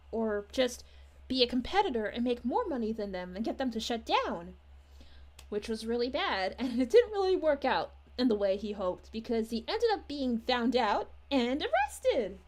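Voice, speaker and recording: A woman with a fairly high, slightly mellow voice plays a sweet, bubbly young princess. As a character streamer reading chat, she gushes and giggles in a sing-song way while talking with her livestream audience in character.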